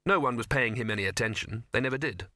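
A man's voice: medium pitch, fast talker, sharp tone, no echo. A man narrating an audiobook in a dry, wry storytelling manner. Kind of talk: scripted narration.

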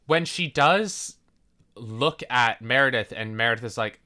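A podcast co-host chatting casually about a TV drama, acting out scenes in high squeaky voices. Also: sing-song, moderate pace, bright, forceful tone. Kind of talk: casual chat.

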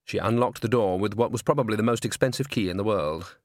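A man's voice: fairly low pitch, fast, no room sound. A man reading an audiobook, narrating in a dry, wry storytelling manner on a close studio mic. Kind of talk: scripted narration.

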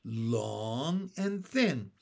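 Brief: a man doing an earnest small boy, slow and wheedling, storybook voice. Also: a little high, sing-song, a bit bright, heavily acted. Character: eager little boy, youngest sibling.

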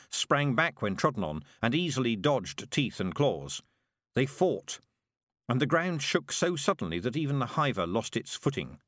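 Guy reading a fantasy novel aloud, really lively voice, dead dry sound. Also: mid-range voice, no room sound. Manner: expressive storytelling. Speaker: audiobook narrator. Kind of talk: scripted narration.

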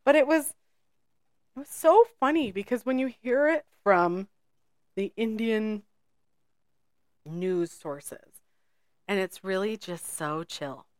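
A woman co-hosting a podcast in casual chat, talkative and quick to laugh, wandering off into side notes. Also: medium pitch, lively intonation, darkish tone, dry recording, studio quality. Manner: chatty, laughs often, goes off on side notes. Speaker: podcast co-host.

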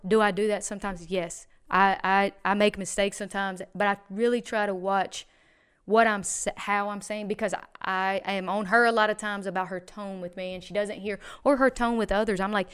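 A woman's voice: mid-range voice, steady tone, moderate pace, fairly bright tone, clean tone. A woman chatting as a podcast guest, telling a personal story in a rambling, emphatic way with many restarts. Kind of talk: casual podcast chat.

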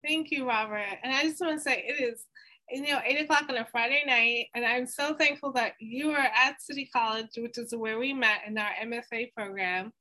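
A woman's voice: on the high side, a little fast, pushed and bright, rough recording. A woman hosting a podcast, talking in an earnest, openly emotional way. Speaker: podcast host. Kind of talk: podcast interview and outro.

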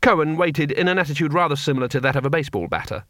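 A man narrating an audiobook with expressive storytelling. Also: fairly high pitch, racing, no echo, clean studio sound. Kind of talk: scripted narration.

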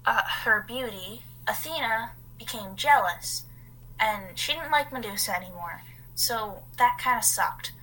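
A woman's voice: fairly high pitch, animated, measured pace, pushed and bright, husky, poor audio. A woman co-hosting a podcast, telling a story in a casual, rambling way as she reads from her notes and adds asides. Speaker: podcast co-host.

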